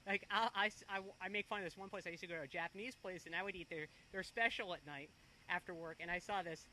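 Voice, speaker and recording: A middle-aged woman who owns a cafe, chatting quickly in an interview and laughing between her stories. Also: lowish voice, bright, forceful tone, a little hiss or hum, poor audio. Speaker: restaurant owner. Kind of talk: casual interview.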